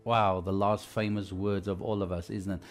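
A man's voice: sits low, flat delivery, normal speed, soft background music. A man preaching a sermon, retelling scripture in a conversational way and urging his listeners with emphasis.

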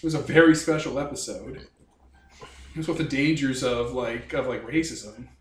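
A man's voice: mid-range voice, moderate pace. A man running a tabletop game on a podcast, explaining things to listeners in a rambling way with casual swearing. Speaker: game master. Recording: echoey room with faint noise.

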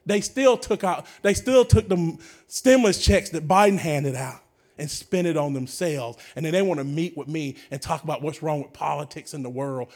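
A male pastor delivers an energetic sermon to his congregation. His voice sits high for a man, and he swings from shouted bursts down to hushed asides as he calls out to the room. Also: normal speed.

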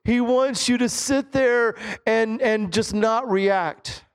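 Male pastor, middle-aged, very high voice, Pentecostal sermon, animated, low asides, shouted bursts. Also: takes it slowly, smooth. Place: church sanctuary.

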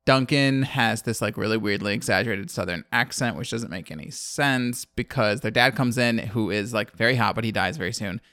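A man's voice: fairly low pitch, moderate pace, hardly any pauses, a bit bright, no echo. A man from the American South casually recapping a movie as a podcast co-host, rambling and laughing often. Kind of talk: casual chat.

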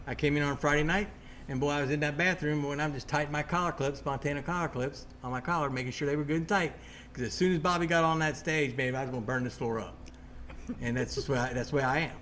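Guest, man, wound-up ghost storyteller, higher voice, keeps restarting himself. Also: fast talker, a little hiss or hum. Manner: animated, rambling, restarts often. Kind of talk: excited storytelling.

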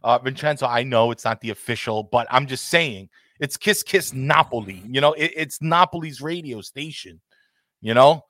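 A man's voice: medium pitch, moderate pace, a bit bright, no echo, studio quality. A man hosting a casual football talk show, ranting passionately and swearing freely. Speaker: podcast host.

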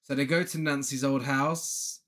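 A man's voice: medium pitch, steady tone, unhurried, fairly bright tone. A man co-hosting a podcast, casually recapping a film with laughs and quoted lines. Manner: laughing, recaps plot with mocking quoted voices. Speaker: podcast co-host. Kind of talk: casual chat.

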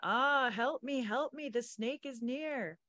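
A woman reading as a hushed, cunning woman fighter. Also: sits high, slow pace, no room sound, voice pushed up, exaggerated voice. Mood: fake moaning. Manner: hushed, urgent, then fake moaning.

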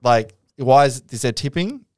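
Casual Australian podcast co-host, dry close sound, lively swearing storyteller. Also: male voice, medium pitch, normal speed, no room sound. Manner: swears freely, animated storytelling.

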